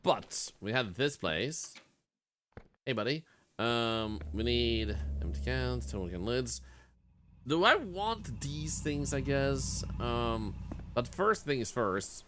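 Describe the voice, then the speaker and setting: A man streams a game and keeps up a loose, playful running commentary. He chats to his viewers and greets the characters on screen, his pitch rising and falling a lot. A faint hiss of noise sits under the voice. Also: animated, takes it slowly, fairly bright tone. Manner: chatty, talks to chat and to game characters, playful. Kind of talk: casual gameplay commentary.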